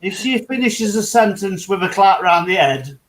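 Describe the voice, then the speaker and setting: Recorded with poor audio, this UK man's voice sits high, with lively intonation and a normal speed. As the host of a casual hangout among friends, he rambles through his stories, cursing freely and laughing at his own expense.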